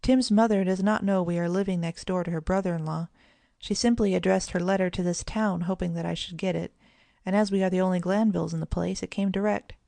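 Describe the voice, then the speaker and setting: A woman's voice: lowish voice, steady tone, a little fast, vocal fry, no room sound. A woman reading as a grave, kindly mother. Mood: gentle. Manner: grave and gentle. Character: sensible, kindly mother of two children.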